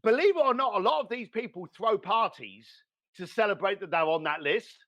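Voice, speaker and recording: Lively high-voiced man, blunt. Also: a little fast. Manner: blunt, animated storyteller with mild swearing. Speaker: guest. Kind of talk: motivational business talk.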